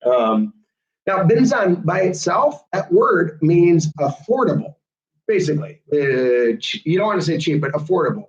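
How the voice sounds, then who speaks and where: Brief: high-pitched male host, chatty and animated, roomy lo-fi sound. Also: unhurried. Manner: chatty, animated, laughs often. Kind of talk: casual chat.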